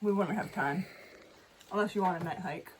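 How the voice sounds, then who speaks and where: A woman's voice: fairly low pitch, moderate pace, a little hiss or hum, rough recording. A woman on a forest trail giving blunt, matter-of-fact answers from a little way off the camera. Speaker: hiking partner.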